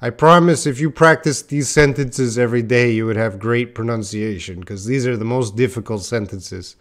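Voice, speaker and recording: Slow-talking man teaching live. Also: mid-range voice. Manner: chatty, laughs at own slips, talks to viewers by name. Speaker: English teacher. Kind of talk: casual live-stream lesson.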